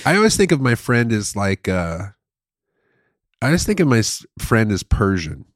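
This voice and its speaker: A man's voice: fairly low pitch, very animated, normal speed, dry recording, clean studio sound. A man co-hosting a casual chat, joking and sliding into comic bits that he repeats. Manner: jokey, goes into comic bits and repeats them. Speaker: podcast co-host.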